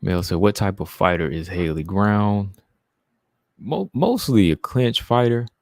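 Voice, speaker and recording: A man's voice: on the low side, lively intonation, unhurried, darkish tone, no room sound, clean studio sound. A man hosting a casual live stream, reading viewer comments and answering them in a chatty way. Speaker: livestream host reading chat.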